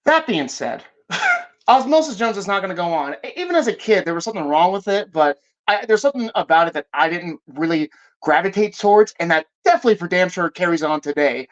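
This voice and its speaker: A man's voice: high voice, expressive, brisk, muffled recording. A man ranting casually about movies on a live stream, profane and rambling, often breaking off and correcting himself. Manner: profane, rambling, self-interrupting.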